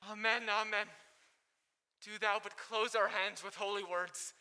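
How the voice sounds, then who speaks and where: A woman playing an earnest young male lover in a Shakespeare stage reading, courtly and ardent. The tone is very sharp and bright. A long reverb hangs on it. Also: mid-range voice, steady tone, a little slow. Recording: long reverb on live stream.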